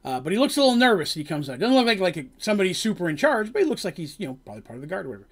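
Game master guy rambling through a session recap, lots of ums, lively. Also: sits high, very fast, breathy edge. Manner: rambling, filler-heavy storytelling. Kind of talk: recounting a tabletop game session.

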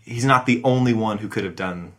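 A man co-hosting a podcast, casually explaining movies in a measured way. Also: lowish voice.

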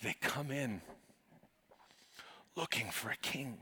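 A man pastor preaching a sermon in an animated, humorous way, calling out to the congregation. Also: mid-range voice, slow pace, a little hiss or hum.

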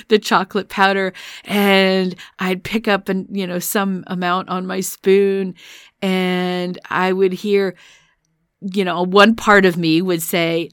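A woman's voice: on the low side, no echo, clean studio sound. A woman therapist speaking casually about her own parts work, chatty and self-deprecating, often laughing as she talks. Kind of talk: casual personal podcast monologue.

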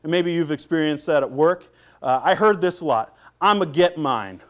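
Conversational pastor preaching. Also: male voice, on the high side, normal speed. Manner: conversational, many fillers and restarts, drops to quiet asides. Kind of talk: sermon.

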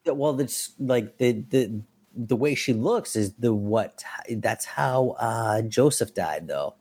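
A man guesting on a podcast, excitedly retelling comic scenes in casual chat. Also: mid-range voice, slow pace, slightly rough, no room sound. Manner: excited, peppered with "frickin'".

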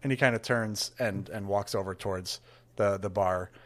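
A man's voice: on the low side, steady tone, normal speed. Man narrating as game master. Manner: casual, meandering, filler-heavy.

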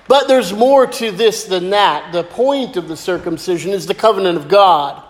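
A man preaching a sermon as pastor, lively and joking as he tells stories. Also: high-pitched, unhurried. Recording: echoey hall with long reverb.

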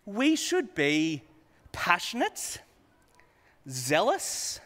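A man preaching in a bright, high voice that rises and falls widely as he asks earnest rhetorical questions. He speaks slowly and conversationally, and the sound rings with a long hall reverb. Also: wildly swooping pitch. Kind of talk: sermon.

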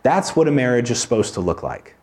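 Male pastor, expressive sermon delivery, conversational, mid-pitched voice. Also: fairly quick. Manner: conversational preaching with informal asides. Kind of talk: expository sermon.

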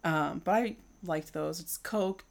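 A woman's voice: sits low, slow pace, gravelly. A woman co-hosting a casual chat, adding details in an easygoing way with some "um"s. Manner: easygoing, adds details, hesitant fillers. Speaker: co-host.

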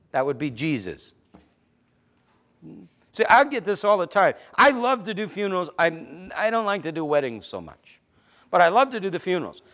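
A male pastor preaching a sermon, emphatic, repeating words as he builds a point and dropping to low, quiet asides.

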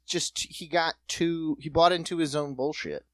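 Relaxed co-host in casual chat, dry sound. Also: mid-range voice, a little slow, no room sound. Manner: relaxed, agreeable, interjecting.

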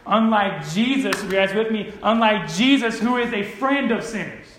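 A man with a high voice preaches a sermon, checking in with his listeners over and over. He swings from loud, urgent emphasis down to low, quiet earnestness. The room around him rings with a church echo. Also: normal speed, a little hiss or hum. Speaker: pastor. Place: church sanctuary.

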